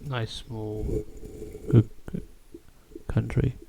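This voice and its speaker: A man's voice: mid-range voice, flat delivery, drawn-out words, creaky, background noise. A man chatting casually on a game stream, rambling and joking as he talks. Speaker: gaming streamer.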